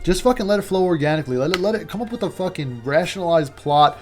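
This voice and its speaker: Male movie reviewer, casual rambling rant, profane and sarcastic, slightly higher pitch. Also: animated, fast, darkish tone, faint music behind.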